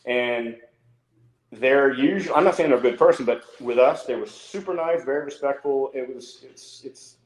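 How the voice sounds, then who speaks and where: Middle-aged guy on a podcast, swears a lot, jumps into higher voices for quotes, kinda echoey room. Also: moderate pace. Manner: animated, swears freely, acts out quotes in a higher voice. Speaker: podcast guest. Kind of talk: casual storytelling. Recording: roomy echo.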